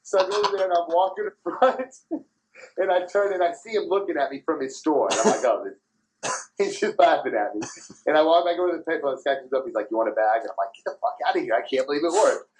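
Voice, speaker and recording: A man in his thirties hosting a podcast, telling profane, animated anecdotes in casual chat and laughing as he goes. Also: fairly high pitch, fast talker, slight background noise, rough recording. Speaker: podcast host.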